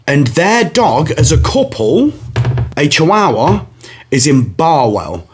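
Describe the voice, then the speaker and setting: A young man, a comedian on his own podcast, chats casually through a meandering story, laughing, animated and doing voices. He speaks slowly in a fairly high pitch, with slight background noise in the recording.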